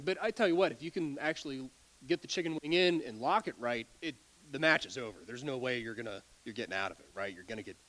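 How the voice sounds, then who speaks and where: A man's voice: on the high side, fairly bright tone. A man in his forties preaching a sermon as a pastor, telling stories animatedly, often stumbling over and repeating words and laughing.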